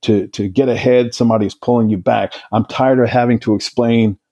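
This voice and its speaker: A man's voice: mid-range voice, fairly even intonation, fairly quick, dark tone, dry recording, muffled recording, natural voice. A man quoting a distraught male hostage-taker, speaking in a pleading, remorseful way. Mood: weary.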